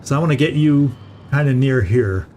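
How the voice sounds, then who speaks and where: A man's voice: mid-range voice, lively intonation, normal speed, warm tone, slight background noise. A middle-aged man hosting a let's-play, chatting casually and thinking aloud as he plays, often restarting words. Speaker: gaming channel host.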